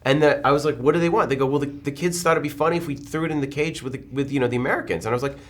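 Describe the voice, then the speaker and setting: A man in his forties, a film director, telling stories in a press interview and acting out the quotes. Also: medium pitch. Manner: animated, quick storytelling with acted-out quotes.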